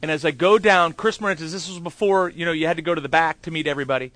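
Bright-voiced man telling a candid sermon story. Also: a little high, racing, no room sound. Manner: candid, self-deprecating storyteller; chatty with many fillers and asides. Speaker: pastor.

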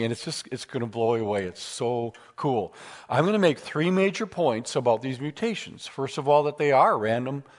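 A man giving a lecture with slides at a seminar, animated and telling humorous stories. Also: medium pitch. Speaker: speaker at a seminar.

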